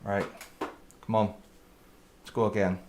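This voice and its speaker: A man livestreaming a racing game, giving excitable, self-critical commentary while greeting viewers. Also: on the low side, a little slow. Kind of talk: live gameplay commentary. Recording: noisy stream audio with car engines. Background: racing game engine sounds.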